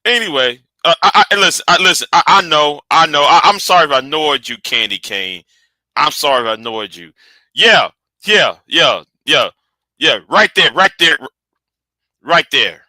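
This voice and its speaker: Brief: bright, expressive male commentator, rambling and close-miked, dry sound. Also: a little high, normal speed, no room sound. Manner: animated, rambling, restarts, drops to mutters. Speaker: commentary host. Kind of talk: casual commentary.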